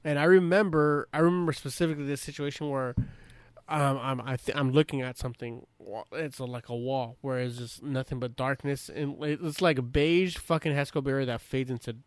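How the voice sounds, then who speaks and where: A man chatting casually about his service, swearing freely in a relaxed way. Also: medium pitch, brisk, clear, resonant tone, no room sound. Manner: laid-back, profane, conversational. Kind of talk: casual podcast chat.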